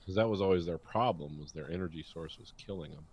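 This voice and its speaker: A man co-hosting a podcast in casual chat, joking in a dry, deadpan way. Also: low-pitched, fast talker, slightly rough. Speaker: podcast co-host.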